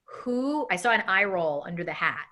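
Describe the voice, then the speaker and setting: A woman in her thirties leading a live coaching webinar, talking quickly and acting out example messages in an animated way. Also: on the low side. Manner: fast, animated, acts out example emails. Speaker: coaching instructor.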